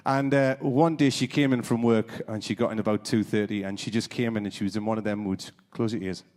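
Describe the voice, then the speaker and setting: A man's voice: lowish voice, steady tone, a little fast, a little mellow, in a large hall. A man doing live stand-up as half of a comedy double act, chatting with the audience between jokes. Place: theatre stage.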